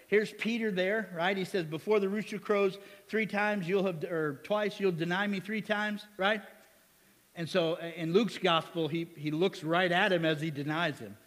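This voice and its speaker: Preaching a sermon in a church sanctuary, this man keeps asking the congregation questions in a joking, conversational style. His voice is fairly high and fairly bright, and it sounds like a large hall.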